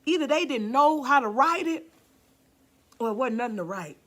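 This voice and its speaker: An animated woman pastor with a high-pitched, fairly bright voice preaches at a moderate pace. Impassioned, she calls out to the congregation and sometimes falls to a near-whisper for emphasis.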